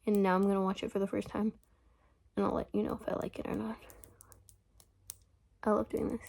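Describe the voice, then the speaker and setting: A woman's voice: mid-range voice, little pitch movement, fairly quick, vocal fry, darkish tone. A teenage girl talking in a rambling, chatty way in a casual diary vlog, often half-whispering into her phone in her bedroom. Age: teens. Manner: rambling, chatty, full of "like" fillers. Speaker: vlogger.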